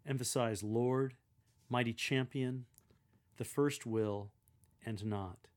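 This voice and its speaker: A man giving measured, deliberate instruction on how to proclaim a scripture reading aloud, speaking clearly as a lector coach. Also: mid-range voice.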